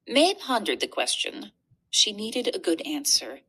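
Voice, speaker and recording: Expressive woman reading a children's story. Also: mid-range voice, unhurried, breathy edge. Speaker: reader. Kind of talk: storybook narration.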